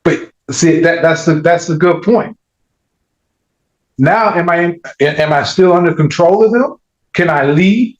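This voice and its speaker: A man arguing as defense attorney in a courtroom, pressing his points insistently and climbing in pitch as he pushes. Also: measured pace. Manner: argumentative, rising in pitch when pressing a point. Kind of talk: courtroom legal argument. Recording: echoey courtroom, dull audio.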